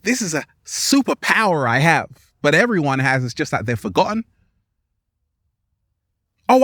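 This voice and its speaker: A man giving an animated, playful motivational vlog outdoors in nature, laughing often. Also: on the high side, dry recording, clean studio sound. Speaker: spiritual vlogger.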